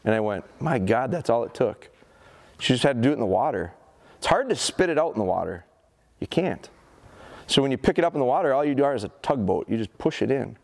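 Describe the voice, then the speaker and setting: A man in his forties giving a live dog training seminar, telling stories in an animated, folksy way and speaking to the audience. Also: mid-range voice, fast, gravelly. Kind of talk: live seminar talk with demonstration. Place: seminar hall at an outdoor show.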